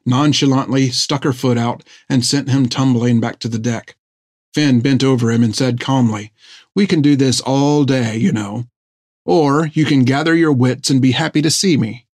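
A man reads an adventure story aloud in steady, scripted narration. His delivery is even and measured, at a middling pitch. The recording is dry and close. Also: dry recording. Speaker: audiobook narrator.

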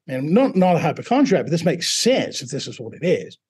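Husky man with British-sounding accent. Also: a little high, fast, few pauses. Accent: British-sounding accent from foreign accent syndrome. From Mississippi, US South. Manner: animated storyteller, acts out quoted voices. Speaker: guest. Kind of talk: conversational interview storytelling.

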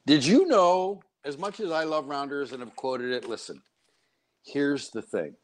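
A man's voice: on the high side, animated, unhurried, a little hiss or hum. A man hosting a radio talk show from a studio, speaking in chatty, digressive banter. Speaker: radio host.

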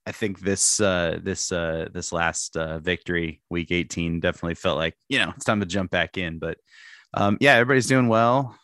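Deep-voiced man in excited sports chat. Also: normal speed, no echo, clean studio sound. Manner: animated, restarts often, laughs while talking. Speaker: podcast co-host.

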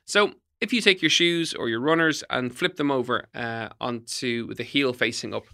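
Bright-voiced fitness podcast host. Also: male voice, mid-range voice, normal speed, creaky. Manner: emphatic, repetitive, coaching tone. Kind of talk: solo podcast talk, tips.

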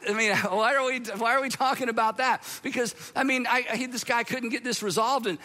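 Bright, high-voiced male pastor preaching. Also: a little fast, hardly any pauses. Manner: conversational, animated, acts out quoted voices. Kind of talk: sermon.

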